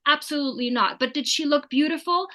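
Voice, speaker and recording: A woman's voice: high voice, fast talker, bright, forceful tone. A middle-aged woman telling stories as an interview guest, acting out the dialogue she quotes. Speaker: summit guest. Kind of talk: conversational interview storytelling.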